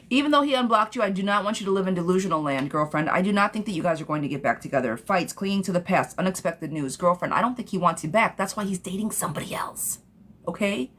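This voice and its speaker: A woman hosting a live-stream tarot reading, talking bluntly and sassily to viewers and calling them girlfriend. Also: fast talker. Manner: bursts into high excited gushing.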